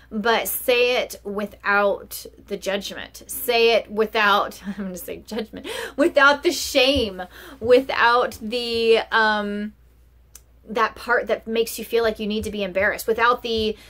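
Chatty woman with a higher voice. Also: a bit bright. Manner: chatty, many fillers and "like"s. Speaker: host. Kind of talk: casual self-help talk.

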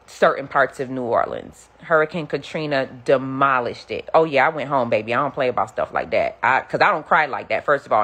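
A middle-aged woman preacher giving an animated testimony, acting out the voices she quotes. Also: deep voice. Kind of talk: sermon-style storytelling.

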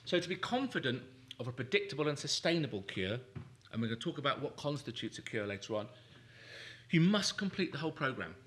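A man's voice: mid-range voice, big pitch swings, fast talker, a bit bright. A man presenting a live seminar workshop in a lecture room, talking emphatically, repeating key phrases and acting out anxious inner thoughts. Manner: emphatic, repetitive, acts out anxious inner voices.

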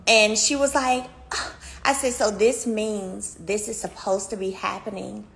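A woman telling a chatty, animated story to her viewers from a beauty salon, filmed on a handheld phone. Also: mid-range voice, unhurried, creaky, slight background noise. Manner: animated, addresses viewers as y'all, swings loud and soft. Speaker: vlogger. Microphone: phone camera held by speaker. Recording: echoey room with faint ambience.

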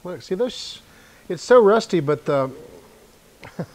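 A man's voice: sits high, lively intonation, takes it slowly. Wry man musing while he wrenches. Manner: thinking aloud, self-deprecating, wry asides. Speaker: channel host repairing a motor scooter. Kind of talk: casual narration while working. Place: home garage workshop.

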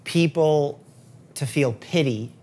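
A man's voice: a little high, takes it slowly, a little mellow. A man hosting a casual interview as a doctor, asking probing questions and reasoning through hypothetical examples. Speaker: doctor and host.

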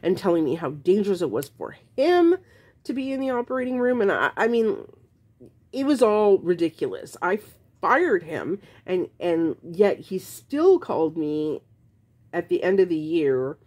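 A woman's voice: on the low side, sing-song, unhurried, darkish tone, breathy edge. A woman vlogging to camera, frankly telling her own story in a casual, exasperated way, rambling with restarts.

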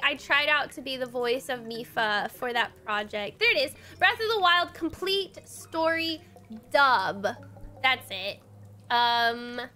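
With faint game music in the background, the young streamer chats casually with her viewers, bubbly, giggly, and heavy on "like" fillers. Her voice sits high and sounds pushed and bright.

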